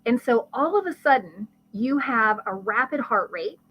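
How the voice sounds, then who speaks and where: A woman, a guest expert, explaining brain science in conversation with a lively teaching manner and vivid everyday examples. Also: a little high, moderate pace, husky, rough recording. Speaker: guest expert on ADHD and learning.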